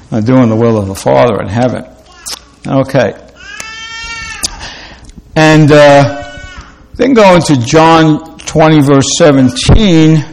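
A man preaching a sermon in a halting way, with many fillers and restarts, slowing down to read scripture aloud. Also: mid-range voice, creaky, a little mellow, a little hiss or hum, rough recording.

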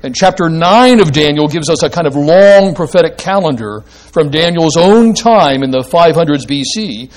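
Male pastor, lively higher voice, emphatic sermon delivery. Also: moderate pace, few pauses, a little hiss or hum. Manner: animated, emphatic, asks the congregation questions.

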